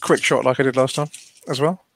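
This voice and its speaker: A man playing in a tabletop game, deliberate and wry, asking careful rules questions. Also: mid-range voice, steady tone, husky. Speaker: player. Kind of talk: casual tabletop play.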